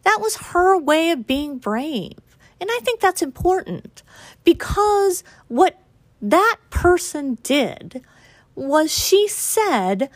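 A woman's voice: very high-pitched, sing-song, slow pace, no echo. A middle-aged woman hosting a solo podcast, talking in an earnest, rambling, emphatic way as she reflects aloud. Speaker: podcast host. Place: on a lunch break.

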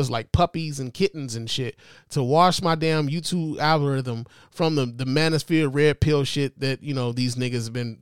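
A man in his forties hosting a show, giving animated, joking commentary full of profanity. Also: on the high side, clean tone, no room sound, studio quality. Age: 40s. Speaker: host. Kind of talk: casual commentary.

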